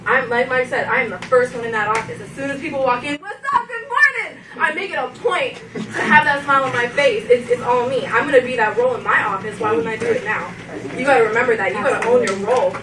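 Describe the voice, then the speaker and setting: A woman's voice: a little high, fast. Laughing young woman in an echoey room. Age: young adult. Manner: laughing often, animated, breaks into quoted voices. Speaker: trainee giving a farewell speech. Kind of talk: emotional farewell speech. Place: large meeting room. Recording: echoey room from far off, noisy.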